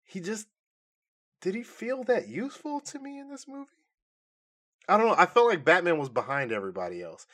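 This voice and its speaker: Bright, lively male podcast co-host. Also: high-pitched, fairly quick, pauses often. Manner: animated, laughs a lot, acts out quotes in silly voices. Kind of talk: casual pop-culture review chat.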